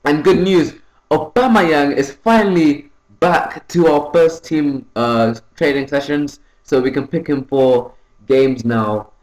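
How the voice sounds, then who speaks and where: A man's voice: a little high, slow pace, echoey room, low-quality recording. A young man giving casual, rambling play-by-play commentary over a football video game, correcting himself often and perking up when a goal goes in. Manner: rambling, self-correcting, excitable on goals. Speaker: gaming YouTuber.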